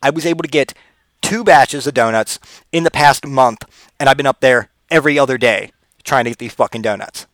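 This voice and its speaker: A man's voice: medium pitch, brisk, fairly bright tone, dry recording. A man hosting his own podcast, telling crude, rambling comedic stories and acting out voiced quotes. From Pennsylvania, US. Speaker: podcast host. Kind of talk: profane comedic storytelling.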